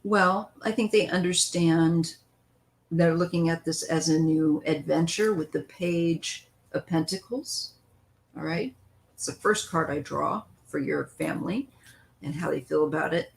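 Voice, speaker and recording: Woman tarot reader hosting a live stream, lower pitch, very slow pace, chatty and rambling. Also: vocal fry, poor audio. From western United States. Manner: chatty, meandering, greets viewers by name. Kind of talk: casual live-stream chat and tarot reading.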